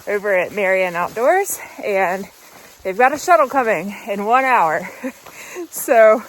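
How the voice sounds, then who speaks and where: A woman's voice: mid-range voice, expressive, a little slow, slight background noise. A woman vlogging as she walks a mountain trail outdoors, talking casually and upbeat to a handheld camera and laughing easily. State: walking on trail. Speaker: hiking vlogger.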